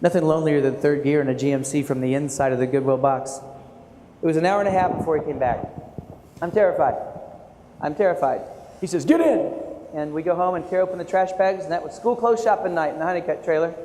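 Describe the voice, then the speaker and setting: A man in his forties giving a keynote talk to teachers, telling his story with animated, self-mocking humor. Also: a little high, fast talker. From United States. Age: 40s. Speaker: keynote speaker and art educator. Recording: echoey hall, faint room noise.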